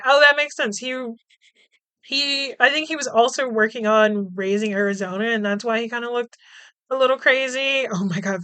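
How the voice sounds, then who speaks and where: Bright, crisp-voiced woman recapping a movie. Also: on the high side, dry recording. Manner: chatty, swearing, laughing, acting out quotes. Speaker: podcast host.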